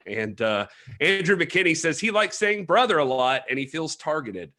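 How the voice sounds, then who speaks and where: A man's voice: fairly high pitch, big pitch swings, moderate pace. A man hosting a wrestling podcast in casual chat, reading out chat messages and laughing often. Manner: laughing, reads chat shout-outs, does impressions. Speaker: podcast host.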